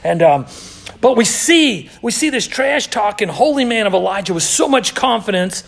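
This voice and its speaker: A man preaching a sermon, telling Bible stories in an animated, joking way with playful sarcasm. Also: high voice, moderate pace, vocal fry. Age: adult. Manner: animated, self-deprecating storytelling with playful sarcasm.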